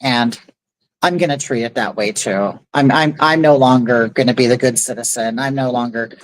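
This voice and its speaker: A middle-aged woman with a very deep voice hosts a casual livestream, indignantly rambling through a story about a neighborhood feud and reading the chat aloud. She speaks at a moderate pace, and the recording is low-quality with no echo.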